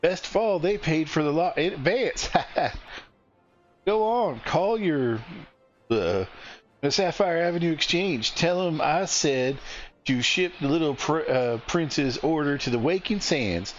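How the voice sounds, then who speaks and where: Guy doing a high folksy southern lady innkeeper, hearty and drawly, lo-fi game stream sound. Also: expressive, takes it slowly, faint music behind.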